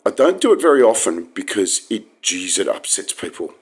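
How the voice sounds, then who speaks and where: A very deep-voiced man talks straight to camera in a loose, rambling monologue. He is wry and digressive, and his low voice jumps up sharply when he stresses a point. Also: sing-song, normal speed, breathy edge. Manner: wry, digressive, with sudden emphatic pitch jumps. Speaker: vlogger.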